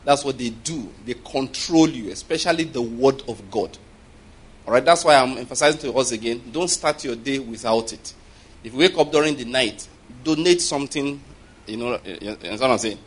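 Husky male preacher, chatty sermon. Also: medium pitch, lively intonation, normal speed. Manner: conversational, checks in with the congregation, chuckles often.

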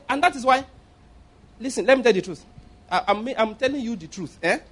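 A male pastor delivers a sermon in a notably high voice. He is emphatic and drives his points home by repeating phrases and asking rhetorical questions. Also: lively intonation, fairly quick, fairly bright tone, husky.

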